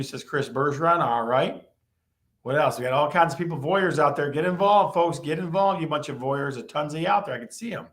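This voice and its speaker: A man hosting a live stream, teasing viewers and repeating his questions to the chat in a lively way. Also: mid-range voice.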